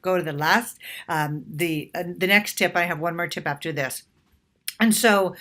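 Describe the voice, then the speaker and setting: Bright-voiced woman dating coach. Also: lowish voice. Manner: warm advice-giving, acts out playful sample lines. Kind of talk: direct-to-camera coaching talk.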